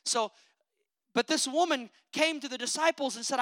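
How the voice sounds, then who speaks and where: Speaking at normal speed in a recording without echo, a preacher gives a fervent sermon. He calls for amens and moves between loud proclamations and quiet, conversational asides.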